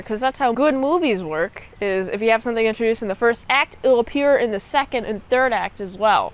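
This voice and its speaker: High-voiced, smooth young woman reviewer. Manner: chatty and rambling, laughs often. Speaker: movie reviewer. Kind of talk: casual movie recap.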